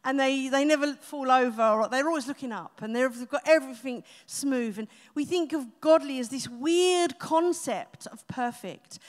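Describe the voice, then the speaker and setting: A woman pastor delivers a live sermon in a high, bright register, pressing her points and tossing in wry asides. Her voice rings out through a church auditorium with a long reverb tail. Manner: emphatic preaching with humorous asides.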